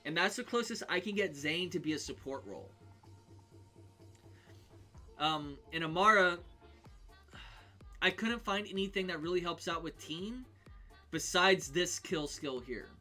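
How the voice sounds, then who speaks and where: A man's voice: sits high, a little slow, long pauses, sharp tone, faint music behind. A male game streamer talking casually through a team build, thinking aloud with lots of ums and restarts.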